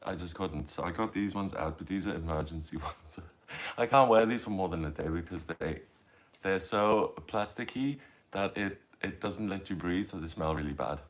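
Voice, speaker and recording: A man's voice: deep voice, moderate pace. A middle-aged man chatting casually on a livestream, rambling, confessional and laughing at himself as he reads out viewer comments. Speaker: tarot reader livestreaming.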